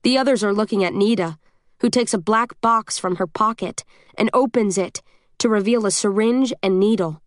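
A woman narrating a first-person audiobook in a steady, measured, tense way. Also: mid-range voice, no room sound, studio quality.

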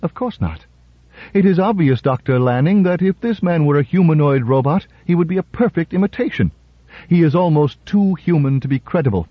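A man reading aloud and voicing a cool, precise woman robot psychologist who lectures in a crisp, clinically detached way. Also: on the high side, animated, a little fast, dry recording, voice pushed up. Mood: lecturing, cool. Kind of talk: radio story reading. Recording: dull, dry radio recording.

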